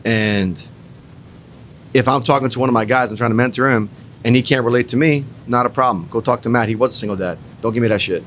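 Man, young adult, casual roundtable storytelling, repeats himself for emphasis, swears now and then, faint rumble. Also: fast, a bit bright. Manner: emphatic, repetitive, mildly profane. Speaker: entrepreneur in a roundtable.

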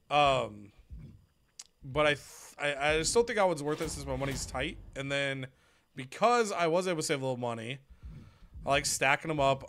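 A man's voice: mid-range voice, fairly bright tone. A man casually talking through his moves in a wrestling management game, chatty and joking at his own expense. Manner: chatty, jokey, self-mocking. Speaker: player and show host. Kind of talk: casual gaming commentary.

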